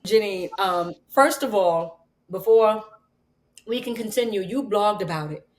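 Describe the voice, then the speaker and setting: A woman at a middle pitch hosts an interview. She sounds supportive of her guest and asks long, searching questions. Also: a little slow, darkish tone. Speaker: interview host.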